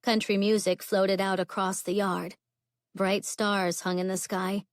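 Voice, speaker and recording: A woman's voice: mid-range voice, flat delivery, a little slow, dry recording, clean studio sound. Woman narrating a romance audiobook. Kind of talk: scripted narration.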